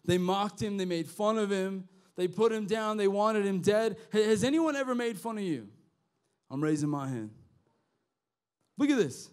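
A man preaching a youth sermon, impassioned and conversational, with slang and restarts, swinging from quiet to shouting. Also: high voice, expressive, normal speed, smooth. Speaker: youth pastor. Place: youth service hall.

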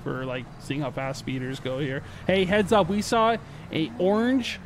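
A man's voice: fairly high pitch, steady tone, measured pace, crowd noise. A man streaming a comic role-play game, eager and jokey, rambling with fillers.

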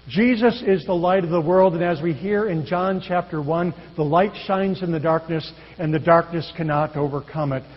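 A male pastor preaching a sermon in an earnest, measured way, his phrases often trailing off softly. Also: on the high side. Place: church sanctuary. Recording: dull echoey church hall.

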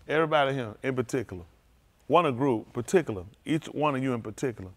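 Conversational man preaching with loud swells. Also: animated, fast talker. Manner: conversational preaching that swings from low murmurs to loud exclaiming; speaks in informal, vernacular English. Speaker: pastor. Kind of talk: sermon.

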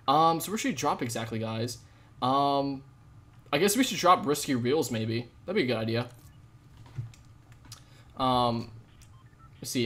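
A man's voice: medium pitch, a bit bright. A man live-streaming a video game, chatting casually with viewers in an upbeat, slangy way into a desk microphone. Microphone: desk USB microphone.

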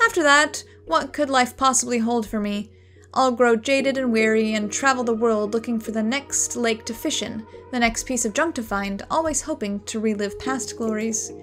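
A woman's voice: a little high, normal speed, fairly bright tone, faint music behind, close to an everyday voice. A woman voicing an eccentric, dreamy fisherman who hunts lake junk, in a shaky put-on German accent. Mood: grandiose. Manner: grandiose, rambling.

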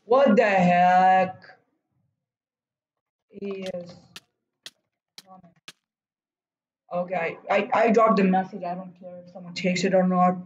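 A man giving live commentary while streaming a game, urging himself on and breaking into loud whoa and no cries. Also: sits high, steady tone, slow, pauses often, reverberant, highs cut off, a little hiss or hum. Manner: talks to himself and urges teammates on. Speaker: gaming streamer.

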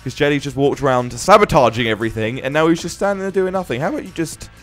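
A man's voice: fairly high pitch, lively intonation, fast talker, a bit bright, soft background music. A young man casually commenting on a life-simulation game as host, often laughing and exclaiming at what happens on screen. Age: young adult. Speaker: gaming channel host.

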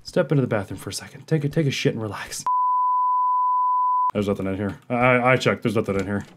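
A man hosting a horror game playthrough, talking to himself in jumpy, profane commentary that swings from muttering to yelling. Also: lowish voice, fast talker, heavy background noise. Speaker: gaming video host.

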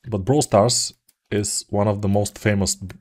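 Bulgarian-accented man, middle-aged, low-pitched, rambling tutor voice. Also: steady tone, normal speed, darkish tone. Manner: rambling, self-mocking, jokey asides. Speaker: 3D art tutor. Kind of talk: live commented modeling tutorial.

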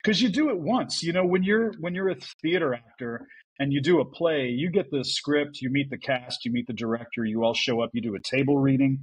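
Husky-voiced male voice actor telling stories. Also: mid-range voice, brisk, no echo, poor audio. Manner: animated, acts out quotes in voices. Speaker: voice actor guest. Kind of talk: casual podcast storytelling.

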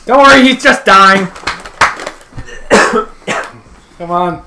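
A man giving casual, jokey gameplay commentary, excitable and full of trash talk. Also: sits high, extremely slow, pauses often, over music. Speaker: video game player.

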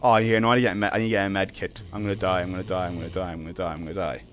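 A young Irish man streaming a video game live, chatting casually, reading out viewer messages and reacting loudly when startled. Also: low-pitched, level tone, very fast, a little hiss or hum. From Ireland. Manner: casual, reads chat aloud, yelps when startled. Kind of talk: live gameplay stream chat.

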